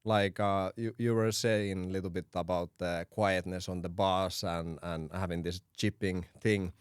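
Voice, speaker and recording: A man whose first language is Finnish, hosting a podcast and asking questions in a halting way, searching for words. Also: low-pitched, fairly even intonation, smooth, no room sound, clean studio sound. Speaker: podcast host. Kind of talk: interview questions.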